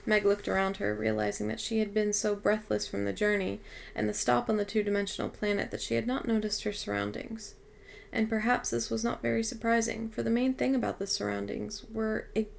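Woman reader with a heavily gravelly voice, steady audiobook narration. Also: medium pitch. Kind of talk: audiobook reading.

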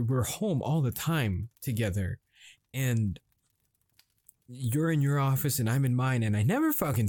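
An actor playing a frustrated husband confronting his wife at dinner, halting and swearing as he grows angrier. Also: medium pitch, no echo. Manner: halting, swearing, escalating to yelling. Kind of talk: improvised dramatic monologue.

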